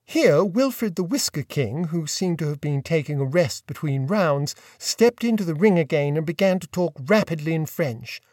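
A man narrating an audiobook in a wry, expressive storytelling manner. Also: on the high side, moderate pace, hardly any pauses, no echo, studio quality. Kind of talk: scripted narration.

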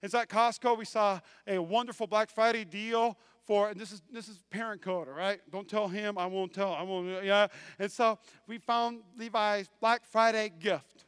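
A man preaching a sermon as pastor, swinging between loud declarations and quiet asides. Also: high-pitched, fairly even intonation, normal speed, few pauses, clear, resonant tone, no echo, clean studio sound.

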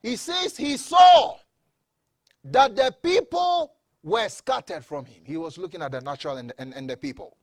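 A man preaches with a high, gravelly voice that leaps around as he drives a point home. He repeats phrases and calls for responses from the congregation, tripping over restarts along the way. The sound is close and dry, with no room around it. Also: wildly swooping pitch, brisk, no room sound. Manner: often stammers and restarts words. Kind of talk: sermon.

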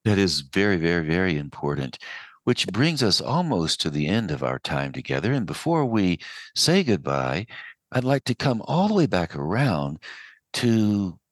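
A man hosting a radio interview, asking drawn-out, playful questions. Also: low voice, no echo. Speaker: radio host.

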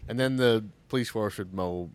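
A man co-hosts a podcast, talking casually about a movie in a clean, fairly low voice at normal speed. He's animated and jokey, acting out quotes in raised voices.

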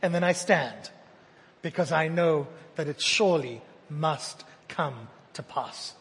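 A man with a high voice delivers a sermon, rising to loud repeated declarations and dropping to near-hushed lines. His voice rings with long reverb in a church hall. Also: takes it slowly. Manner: dynamic delivery, swinging from loud emphatic repetition to hushed intimate tones. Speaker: preacher.

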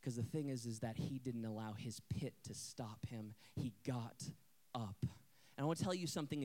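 A man preaching a sermon, telling a story with drama and dropping from hushed lines to loud exhortation. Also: on the high side. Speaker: pastor.

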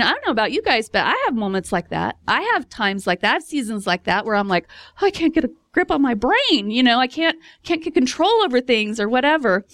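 Woman preacher, casual and expressive, fairly high voice, dry close recording. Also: dry recording. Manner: chatty and expressive, laughs often, acts out voices. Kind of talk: casual sermon.

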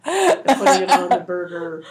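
A woman co-hosting a podcast in casual chat, teasing and joking with quick interjections. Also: lowish voice, sing-song. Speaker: podcast co-host. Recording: loud background noise.

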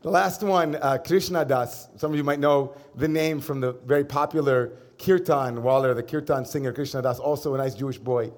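A middle-aged man, a rabbi, giving a sermon in a conversational storytelling manner with gentle humor. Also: mid-range voice, fairly even intonation, moderate pace, hardly any pauses.

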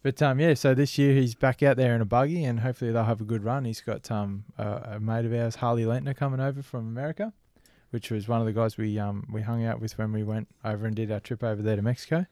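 Australian man, young, easygoing co-host, short jokey interjections, mid pitch, dry close sound. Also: flat delivery, fast talker, hardly any pauses, darkish tone, dry recording. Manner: laid-back, chipping in with quips. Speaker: podcast co-host. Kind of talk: casual chat.

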